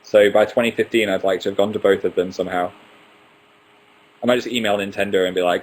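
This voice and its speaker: A man's voice: fairly low pitch, steady tone, quick pace, long pauses, poor audio. A man in his twenties hosting a casual live stream, reading out viewer questions and answering them one by one with playful asides. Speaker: livestream host.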